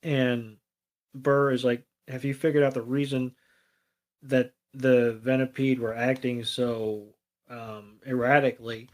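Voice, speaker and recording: A man's voice: mid-range voice, unhurried. A man co-hosting a podcast, casually retelling a cartoon episode with frequent ums and acted-out quotes. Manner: relaxed retelling with many ums and quoted lines. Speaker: podcast co-host.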